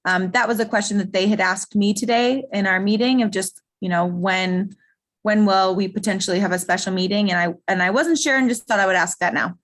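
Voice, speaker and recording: A woman's voice: mid-range voice, a little fast, fairly bright tone. A woman on a video call, casually asking questions about next steps. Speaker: task force member. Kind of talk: meeting discussion.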